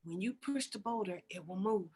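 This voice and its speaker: Woman playing God, calm patient male deity, soft quiet voice, unhurried, bright tone. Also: sits high, full character voice.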